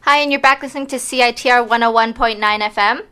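A woman's voice: on the high side, fast, pushed and bright, slight background noise. A young woman hosting a campus radio show in the studio, chatty and enthusiastic, casually urging listeners to call in.

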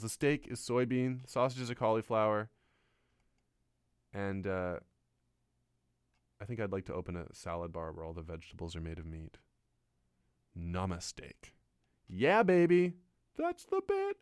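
A man's voice: medium pitch, clean tone, dry recording. A man riffs on air in a studio, rambling through jokes at his own expense. His voice swings widely up and down as he goes. The sound is dry and close to the mic. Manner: rambling, self-mocking, animated. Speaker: comedian on a radio show. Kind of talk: casual riffing monologue. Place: radio studio.

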